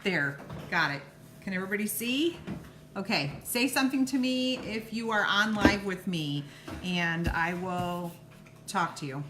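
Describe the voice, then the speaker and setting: A woman teaching a live craft tutorial, unscripted and halting, thinking aloud as she sets up and demonstrates. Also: medium pitch, sing-song. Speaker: craft instructor. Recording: noisy live stream with clicking.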